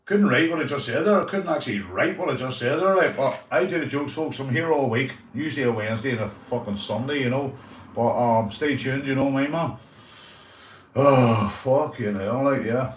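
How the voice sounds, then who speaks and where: A man's voice: medium pitch, normal speed, far from the mic. A man with a Northern Irish accent hosting a casual livestream, chatting to viewers by name and swearing freely. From Northern Ireland. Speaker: livestream host. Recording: roomy echo, voice away from the mic.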